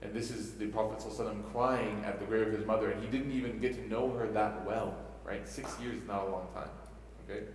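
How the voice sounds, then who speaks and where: In a distant, echoey mosque hall with slight hiss or hum, a young imam of Egyptian family background who grew up in Chicago delivers an emotional talk to youth, mixing stories, jokes and many rhetorical questions. His voice is on the low side and fairly even, moving fast with hardly any pauses.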